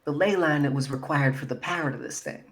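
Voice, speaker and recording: A woman's voice: deep voice, fast. A woman playing a tabletop role-playing game, chatting casually, wry and thinking aloud, with some swearing. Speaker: player.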